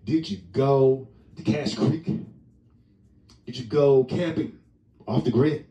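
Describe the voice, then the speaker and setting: A man's voice: mid-range voice, slow, dark tone, highs cut off. A man giving a casual comedic monologue from home, rambling, joking, laughing often and swearing casually. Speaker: vlogger. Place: indoors at home. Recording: roomy sound from a distant mic.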